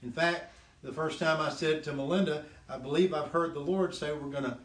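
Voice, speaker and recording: A man casually telling the story of his faith testimony, animated and laughing often, dropping lower when he quotes God. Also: brisk, echoey room. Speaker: guest sharing his testimony.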